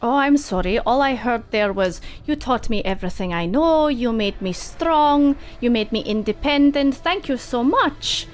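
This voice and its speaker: A woman's voice: on the high side, normal speed, hardly any pauses, faint music behind, close to an everyday voice. A woman voicing a cruel, possessive vampire mentor who gloats and mocks in a sing-song way. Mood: mocking.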